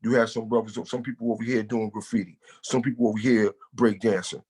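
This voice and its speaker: Talking fast in a lowish, husky, darkish voice with a level tone, a hip-hop artist from the Bronx chats loosely as a guest in a casual interview. His New York accent comes through, and he leans on "you know" in his street-casual manner.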